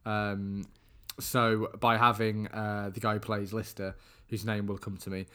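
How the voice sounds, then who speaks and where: A man's voice: lowish voice, little pitch movement, measured pace, pushed and bright, clear, resonant tone. A man hosting a casual podcast chat, joking and rambling with restarts. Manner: rambling, self-correcting, joking. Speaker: podcast host.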